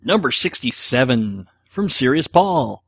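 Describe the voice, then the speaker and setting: A man's voice: medium pitch, sing-song, unhurried, fairly bright tone, a little hiss or hum. A middle-aged man hosting a podcast, answering listener questions in a rambling, self-deprecating casual chat with plenty of fillers.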